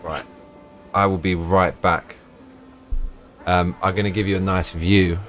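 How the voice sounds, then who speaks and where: A man's voice: deep voice, little pitch movement, unhurried, fairly bright tone. A man streaming a game live, chatting casually, swearing freely and laughing often. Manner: profane, exclamatory, laughs often.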